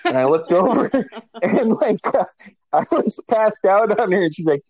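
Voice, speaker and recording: Man, 40s, from alaska, animated storyteller, swears freely, very dry close sound. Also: high-pitched, normal speed, breathy edge, no room sound, poor audio. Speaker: podcast co-host. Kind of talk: casual chat.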